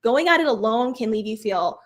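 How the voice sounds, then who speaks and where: A middle-aged woman hosting a live craft tutorial, chatty and upbeat with a slightly hoarse voice. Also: on the high side, expressive, normal speed. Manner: chatty, upbeat, self-deprecating. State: slightly hoarse, losing her voice. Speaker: craft workshop host.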